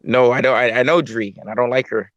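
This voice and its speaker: A man calls into a livestream and jokes in a loose, laid-back way, repeating his lines. His voice is mid-pitched for a man and sounds close and dry. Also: steady tone, fast talker, fairly bright tone, no room sound, muffled recording. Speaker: caller. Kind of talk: casual call-in banter.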